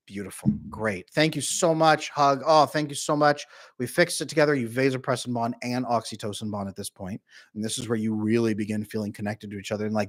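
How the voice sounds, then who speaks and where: Animated man coaching on conflict. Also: medium pitch. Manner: animated, acts out both partners in quick asides. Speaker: relationship coach. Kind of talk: casual advice talk.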